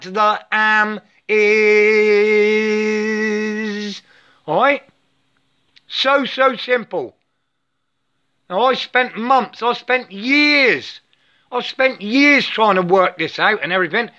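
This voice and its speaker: A man's voice: high-pitched, sharp tone. A middle-aged man giving a rambling spiritual monologue, emphatic and repetitive, forever checking with "yeah?" and slipping into chanted mantras. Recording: dull lo-fi recording.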